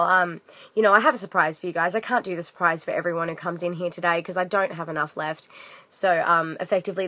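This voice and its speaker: A woman's voice: medium pitch, pushed and bright, dry recording. A young woman vlogger telling a story in a casual, rambling rant full of fillers and restarts.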